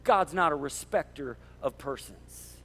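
A male pastor preaching a sermon, fired up and passionate, half yelling. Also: fairly high pitch, animated, measured pace. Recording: long hall reverb.

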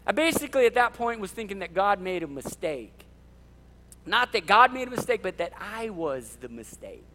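A male pastor preaching a sermon, fired up and passionate, half yelling. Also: high-pitched, big pitch swings, normal speed. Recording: long hall reverb.

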